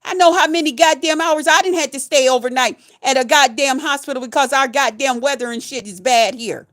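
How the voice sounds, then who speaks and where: A woman who works as a nurse, ranting to her viewers in a heated, emphatic way, cussing and hurling insults throughout. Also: high-pitched. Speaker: nurse and vlogger. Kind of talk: angry profane rant to camera.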